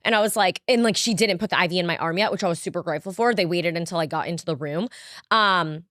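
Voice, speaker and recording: A woman's voice: fairly low pitch, quick pace, fairly bright tone, dry recording, clean studio sound. A young woman co-hosting a podcast in casual chat, rambling with lots of "like" fillers and casual swearing. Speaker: podcast co-host.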